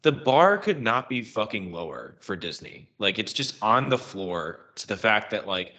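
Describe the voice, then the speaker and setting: A man with a bright, forceful voice sits at the mic for a casual podcast chat. He rants his opinions freely and swears often, and his voice sits a little low for a man. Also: animated, normal speed, few pauses, muffled recording. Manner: opinionated ranting with frequent swearing. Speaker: podcast co-host.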